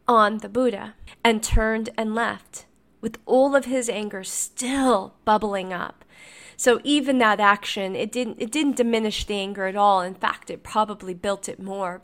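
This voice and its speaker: A woman's voice: fairly high pitch, fairly bright tone. A woman podcast host telling a teaching story in an earnest, reflective way, with frequent restarts. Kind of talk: motivational storytelling.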